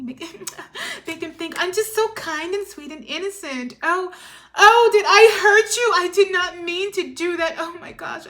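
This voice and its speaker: A woman's voice: high voice, pushed and bright, voice pushed up, exaggerated voice. A woman voicing a controlling, manipulative past lover who taunts and whispers her confessions. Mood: scheming, then mock-sweet. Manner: taunting, shifts into whispered confessions and fake sweetness.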